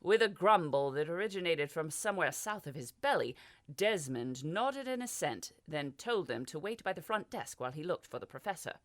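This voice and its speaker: A woman's voice: deep voice, very animated, moderate pace, dry recording, studio quality. A woman reading a fantasy audiobook as narrator, giving the characters small voice shifts. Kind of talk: scripted narration.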